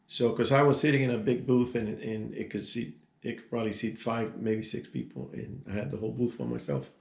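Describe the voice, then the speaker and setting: Gravelly older man rambling through a story. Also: on the low side, expressive, fairly quick, darkish tone. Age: 60s. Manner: rambling, digressive, many restarts and asides. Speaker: vlogger telling a personal story. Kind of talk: casual storytelling. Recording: echoey room.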